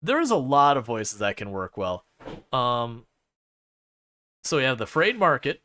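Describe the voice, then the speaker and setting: A man's voice: mid-range voice, very animated, a little slow, sharp tone. A man chatting casually to his chat while streaming a driving game, rambling with lots of fillers and playfully mocking the game.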